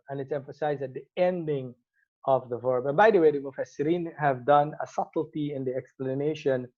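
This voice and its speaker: A man teaching an Arabic grammar lesson, explaining step by step and repeating each Arabic word as he goes. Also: mid-range voice. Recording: slightly muffled lo-fi recording.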